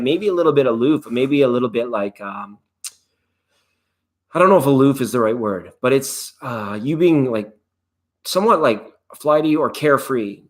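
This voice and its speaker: A middle-aged man hosting a live tarot stream, talking in a loose, playful, rambling way with jokes along the way. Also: medium pitch. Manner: loose and playful, drifts into jokes and snatches of song.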